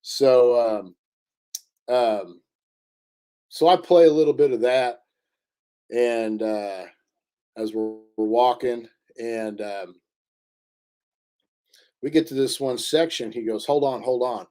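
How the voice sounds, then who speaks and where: A man telling a story in a casual interview, halting often with fillers and restarts. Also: medium pitch, mellow. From Indiana. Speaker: interview guest.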